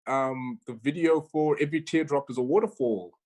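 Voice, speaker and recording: A woman's voice: sits low, normal speed, darkish tone. Chatty woman reading quiz questions. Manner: chatty, stumbles and repeats words. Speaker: quizmaster. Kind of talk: casual online quiz hosting.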